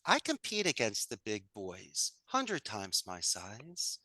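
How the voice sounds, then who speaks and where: A man's voice: on the low side, wildly swooping pitch, slow pace, bright, forceful tone, no room sound. A man talking as an interview guest about running his business and giving motivational advice, with an enthusiastic, coaching manner. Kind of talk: casual interview chat.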